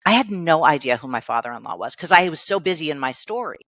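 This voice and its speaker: Middle-aged woman guest on an interview, animated storyteller who laughs a lot, bright forward voice, dry close sound. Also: deep voice, fast talker, no room sound. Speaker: guest coach.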